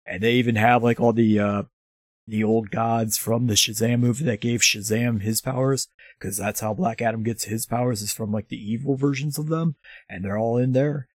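A man's voice: medium pitch, steady tone, moderate pace, dry recording, studio quality. A man casually recapping a movie in a profane, rambling way, throwing in mocking impressions. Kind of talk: casual chat.

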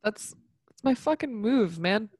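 A woman's voice: on the high side, animated, measured pace, darkish tone, breathy edge. A woman co-hosting a casual chat, tipsy and rambling off on giggly tangents. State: tipsy from tequila. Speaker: podcast co-host.

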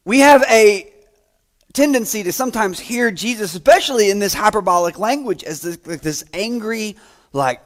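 A man preaching a sermon, telling stories with loud quoted lines and quiet trailing asides. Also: sits high, lively intonation, a little slow. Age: adult, grew up playing school basketball. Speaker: pastor.

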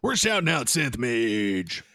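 A man's voice: medium pitch, very animated, slow, pushed and bright, no echo. A man co-hosting a podcast in casual chat, joking and hamming it up, close on a studio microphone. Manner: jokey, hammy. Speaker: podcast co-host.

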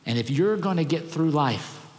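A man's voice: a little high, animated, moderate pace, a little mellow, big-room sound. A man preaching a sermon as pastor, earnest and emphatic, repeating key phrases.

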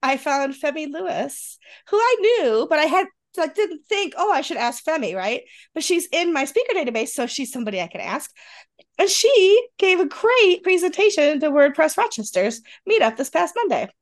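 Chatty high-voiced Western New York woman. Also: sing-song, normal speed. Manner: chatty, laughs often. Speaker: podcast co-host. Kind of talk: casual chat.

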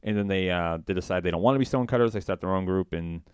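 A man co-hosting a podcast, chatting casually and rambling, breaking into excited quotes of cartoon lines. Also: deep voice, rapid-fire, clear, resonant tone, dry recording, clean studio sound. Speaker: podcast co-host. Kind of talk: casual chat.

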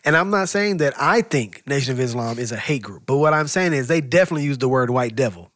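A man's voice: mid-range voice, animated, fast talker, a bit bright, dry recording, clean studio sound. A man co-hosting a casual podcast, earnest and argumentative. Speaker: podcast co-host. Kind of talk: casual opinion chat.

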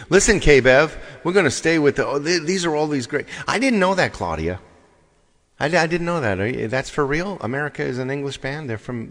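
A man's voice: medium pitch, big-room sound. A man casually chatting with viewers between songs on a live stream, rambling and greeting people by name. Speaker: live-stream singer with guitar. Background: loud guitar playing.

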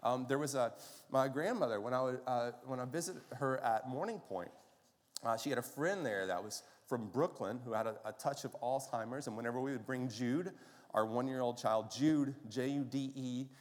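Pastor preaching in an echoing hall. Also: male voice, medium pitch, normal speed. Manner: conversational storytelling with rhetorical questions. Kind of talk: sermon. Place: church sanctuary. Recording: long reverb of a large hall.

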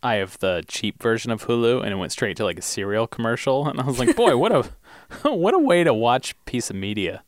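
Very low-voiced joking woman. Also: sing-song, fairly quick, few pauses, no room sound, studio quality. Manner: laughs a lot, joking asides. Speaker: podcast co-host. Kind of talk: casual chat.

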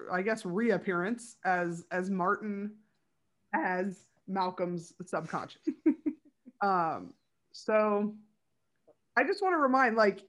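A woman co-hosting a casual podcast, talking through a TV episode with fan enthusiasm. Her speech is loose and chatty, scattered with "like" and quick asides. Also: medium pitch. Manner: chatty and enthusiastic, many "like" fillers. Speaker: podcast co-host.

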